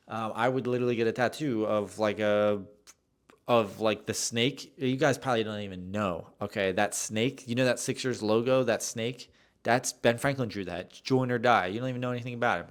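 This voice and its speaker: A man's voice: on the low side, a bit bright. A young man hosting a solo podcast, telling a rambling, self-deprecating story with many restarts. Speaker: podcast host.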